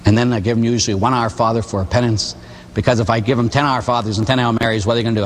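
A middle-aged man, a priest, preaching a sermon in an animated storytelling way, acting out penitents and tagging lines with a quick "huh?". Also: mid-range voice. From Pittsburgh area, USA. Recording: long hall reverb, faint hum.

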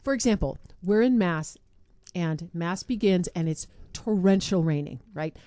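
A woman with a fairly low voice, telling quick anecdotes and laughing often in a casual faith podcast. The recording is dry and close. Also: lively intonation, warm tone, no room sound.

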